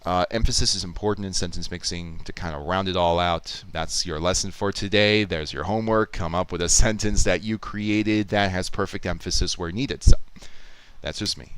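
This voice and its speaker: A man's voice: sits low, steady tone, normal speed, fairly bright tone, clear, resonant tone. A man casually talking through his video editing on a live stream, explaining and thinking aloud with restarts. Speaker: YouTube Poop editor streaming.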